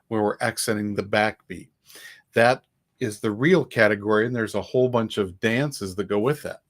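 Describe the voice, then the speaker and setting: Lowish-voiced man teaching dulcimer rhythms. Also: moderate pace. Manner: chanting rhythms and counting beats aloud; relaxed, chatty, with small restarts. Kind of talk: casual live-stream music lesson.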